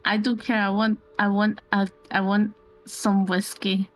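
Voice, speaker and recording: A woman's voice: medium pitch, level tone, unhurried, soft background music, lightly acted. A woman playing Gerta, a distraught young woman who pleads and insists shakily in a tabletop role-play. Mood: insistent. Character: distraught young woman, frightened and craving drink.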